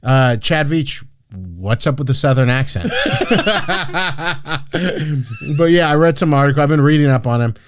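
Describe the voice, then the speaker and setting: A man's voice: a little high, animated, unhurried, no room sound. A man hosting a casual podcast, joking and cursing as he tells everyday stories. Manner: joking, profane, storytelling with laughs. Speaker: podcast host.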